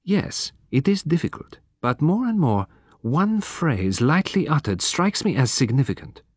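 A man voicing a fussy, precise little male detective, speaking politely and softly. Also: on the high side, big pitch swings, a little slow, slightly rough, dry recording, studio quality, pitched above the performer's own voice, full character voice. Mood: thoughtful. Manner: polite, precise, soft-spoken.

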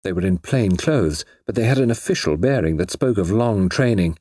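A man narrates a story in a low, husky voice with lively, expressive intonation. The reading is measured and recorded close and dry, with no room sound. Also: no room sound.

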